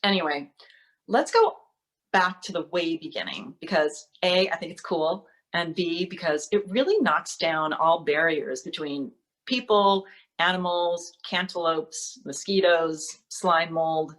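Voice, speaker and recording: A woman's voice: fairly low pitch, measured pace, a bit bright. Wry woman performing a monologue. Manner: wry, playful storytelling with mock outrage. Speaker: solo performer.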